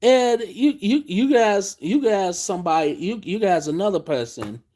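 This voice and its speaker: A man's voice: high-pitched, animated, normal speed, darkish tone. A man hosting a late-night live stream, ranting in a profane, exasperated way.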